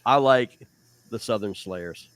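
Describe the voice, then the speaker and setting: A man hosting a casual live stream, upbeat and quick to laugh, trailing into repeated filler words. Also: fairly low pitch. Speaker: host, league commissioner.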